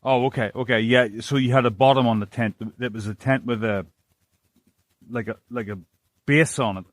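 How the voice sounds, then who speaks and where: Quiet man asking interview questions. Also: mid-range voice, steady tone, moderate pace, dry recording. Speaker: podcast host.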